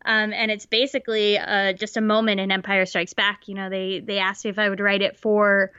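A woman's voice: medium pitch, level tone, fairly quick, bright, forceful tone, clear, resonant tone, no room sound. A woman co-hosting a casual podcast in a chatty, easygoing way, with plenty of fillers. Her voice is recorded bone dry with a slightly dull, muffled tone. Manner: chatty, laughs easily, many fillers. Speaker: podcast co-host. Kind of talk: casual chat.

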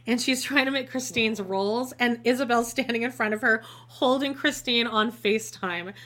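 Bright-voiced woman in casual banter. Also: on the high side. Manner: loose and profane, quick laughs, playful mock voices. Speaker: co-host of a TV recap show. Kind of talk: casual snarky recap chat.

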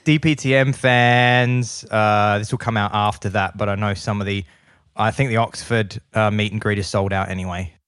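A man with an Australian accent hosting a podcast, trading quick jokes in casual chat. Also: lowish voice, steady tone, fairly bright tone, clean tone, dry recording, studio quality. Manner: joking, quick banter. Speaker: podcast host.

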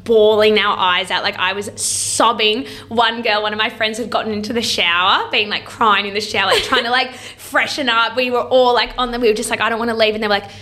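Woman, late 20s, podcast co-host; lively, profane storyteller with a bright, forceful voice. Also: a little fast, few pauses. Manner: animated, swearing, acts out quotes in a high voice. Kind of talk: casual storytelling chat.

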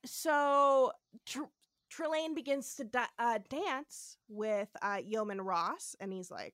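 A woman co-hosting a podcast in casual chat, recapping an episode with profane, animated retellings and acted-out quotes. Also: on the high side, slow pace, dry recording, studio quality. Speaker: podcast co-host.

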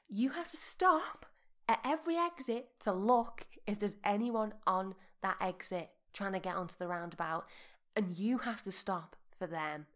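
Brief: young woman, podcast host, playful chat, mid-pitched voice, soft meditative asides. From Britain. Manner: chatty, playful, slips into soft mock-meditation voice. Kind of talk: casual chat.

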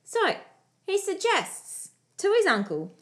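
A woman's voice: very high-pitched, huge pitch swings, takes it slowly. A woman hosting a podcast, telling a history story in a casual chat with playful asides. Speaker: podcast host.

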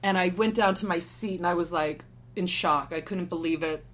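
A woman's voice: on the low side, normal speed. A woman in her forties, a podcast guest, telling a story in a casual way and acting out what others said. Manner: animated, acts out quotes of others.

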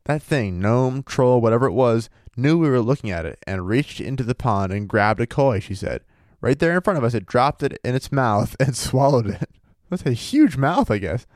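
A man co-hosts a relaxed podcast, reading out a spooky account and breaking off to joke and swear. His voice sits at an ordinary middle pitch. The recording is close and dry with no room sound. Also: normal speed, dry recording. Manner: laid-back, profane, laughs often. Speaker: podcast co-host reading a paranormal story. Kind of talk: casual chat with read-aloud passages.

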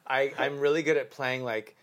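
A man hosting a podcast in casual chat, chatty, quick to agree and to joke along. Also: mid-range voice, fairly even intonation, fairly bright tone. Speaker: podcast host.

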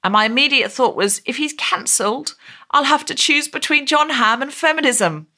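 A woman's voice: high-pitched, animated, moderate pace, pushed and bright. A woman hosting a comedic podcast over a video call, playful and theatrical, with mock indignation. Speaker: podcast host. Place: home, recorded remotely over Zoom.

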